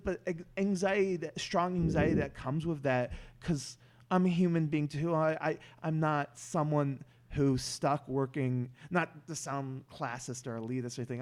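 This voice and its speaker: A man's voice: a little high, steady tone, measured pace. A man talking as a podcast guest in casual chat, rambling with many restarts and stammered words.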